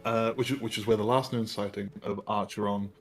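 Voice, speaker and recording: A man's voice: fairly low pitch, level tone, brisk, faint music behind. A man narrating a tabletop game as dungeon master, rambling and hesitant with many fillers.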